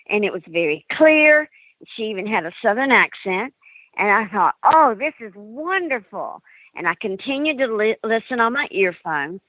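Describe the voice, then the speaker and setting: A woman paranormal investigator, a guest on an interview show, telling her stories with lively acted-out quotes. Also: a little high, no room sound. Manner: animated storyteller acting out quotes. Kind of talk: storytelling in a call-in interview. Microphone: phone. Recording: tinny dry phone line.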